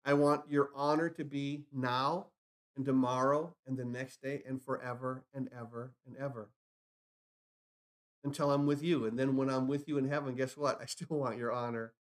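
A man's voice: medium pitch, fairly even intonation, normal speed. A man preaching a sermon, building emphasis with rhetorical questions and retelling scripture stories. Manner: acts out scripture dialogue in retellings. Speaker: pastor.

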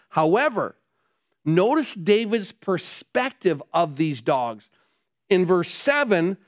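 Preacher man with a high voice. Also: dry recording. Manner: rhetorical questions, repeats key phrases. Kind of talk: sermon. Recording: dull, dry lo-fi recording.

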